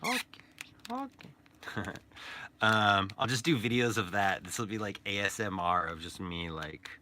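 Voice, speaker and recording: Man, casual rambling vlog talk, slightly low voice, bright and forceful tone, faint room hum. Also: fairly even intonation, normal speed. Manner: rambling, playful, joking aside. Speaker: toy artist and painter.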